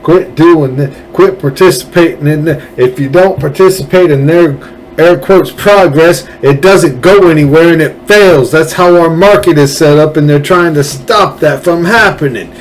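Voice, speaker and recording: A man's voice: a little high, normal speed, low-quality recording. A man hosting a political podcast, ranting angrily with sarcasm and profanity. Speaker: podcast host. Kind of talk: political commentary rant.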